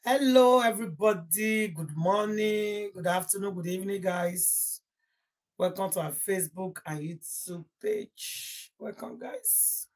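Husky-voiced young Nigerian woman, gossip livestream host, rambling and heartfelt. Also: mid-range voice, measured pace. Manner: rambling, emotional, mixing Pidgin into English. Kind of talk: casual live-stream chat.

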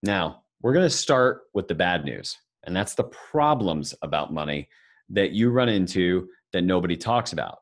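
A man's voice: low-pitched, sing-song, normal speed. A man giving a live financial seminar, talking conversationally and joking with the audience. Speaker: financial speaker presenting to an audience.

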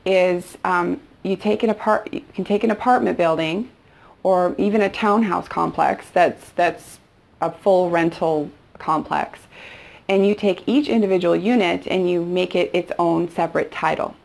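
Middle-aged woman instructor, low gravelly voice, chatty storyteller who quotes dialogue. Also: normal speed, darkish tone. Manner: retells past conversations, with quoted dialogue. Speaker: real estate investing instructor. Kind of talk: storytelling course lesson.

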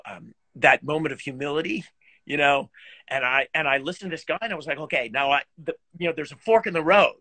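A middle-aged man, a guest musician and teacher, telling stories in a casual chat, animated and self-deprecating, laughing often. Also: on the high side, no room sound. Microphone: video call.

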